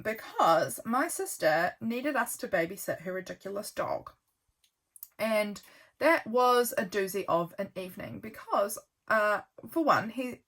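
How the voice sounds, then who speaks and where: A woman chatting casually while flipping through her journal, rambling with lots of "um" and "like", her voice worn out from a long filming session. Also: medium pitch. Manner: rambling, with frequent "um" and "like" and soft laughs. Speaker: junk journal vlogger.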